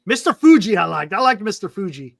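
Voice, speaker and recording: A man's voice: high voice, very animated, fairly quick, creaky. A man in a casual sports-show chat, eagerly listing his favorites like a fan.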